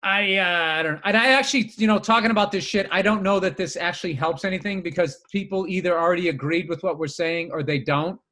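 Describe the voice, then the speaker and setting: Bright, high-voiced swearing man. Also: fast talker, hardly any pauses. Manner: profane, rambling, animated. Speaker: podcast co-host. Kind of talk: casual podcast chat.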